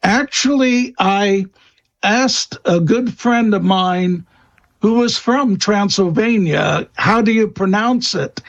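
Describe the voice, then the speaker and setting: A man answering interview questions about old folklore, slow and hesitant, with many fillers and restarts. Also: high voice, muffled recording. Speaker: guest expert on vampire lore.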